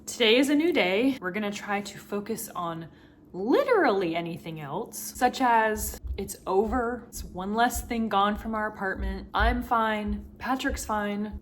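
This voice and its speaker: A woman's voice: mid-range voice, slight background noise. A woman in her thirties talking to camera in a vlog, telling a personal story in a candid, emotional way with wry humor. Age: 30s. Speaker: vlogger. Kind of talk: confessional vlog monologue.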